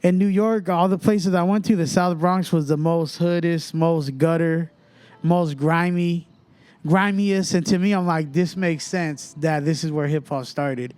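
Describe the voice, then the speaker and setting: A young man from Fresno tells a story in a loose podcast chat. His voice sits a little high and comes through smooth and clear. He slips into the voices of the people in the story as he goes. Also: unhurried, no echo. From Fresno, California. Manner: animated storyteller who acts out other people's voices. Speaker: rapper guest.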